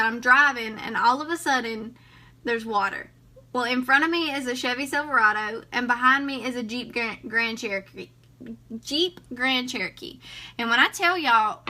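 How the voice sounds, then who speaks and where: A young woman from South Carolina with a Southern accent, telling a story in a chatty, animated casual vlog. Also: on the high side. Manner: chatty, animated, dramatic retelling. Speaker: vlogger.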